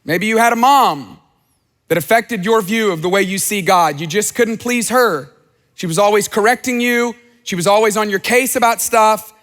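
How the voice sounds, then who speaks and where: A man's voice: high-pitched, normal speed, a bit bright, long reverb tail. A pastor preaching a sermon in an earnest way, acting out the lines he quotes.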